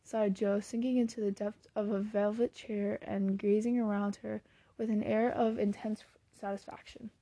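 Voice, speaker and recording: A woman reading a classic novel aloud in plain, steady storybook narration, now and then correcting a slipped word. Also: mid-range voice, normal speed, no echo. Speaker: audiobook reader.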